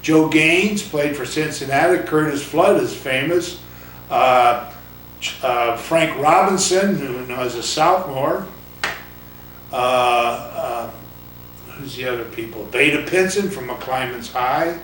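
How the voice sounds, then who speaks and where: A man's voice: medium pitch, slow, a bit bright, a little hiss or hum. An older man, a former baseball coach, talking bluntly in a casual interview, rambling with fillers. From California. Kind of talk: casual oral-history interview. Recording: roomy, distant mic, faint ambience.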